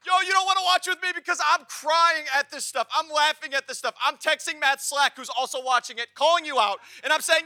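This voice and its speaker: A pastor preaches in a very high, sharp, bright voice, talking to his congregation in a lively, conversational way. He works up to shouts at the big moments. The sound is dry and close. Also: fast, hardly any pauses, dry recording. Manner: animated and conversational, shouting at peaks. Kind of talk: sermon.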